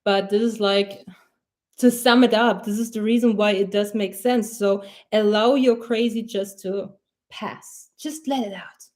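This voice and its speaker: A woman's voice: mid-range voice, steady tone, a little slow, darkish tone. A young woman giving a casual, rambling pep talk as a mindset coach on a live stream, blunt and swearing freely.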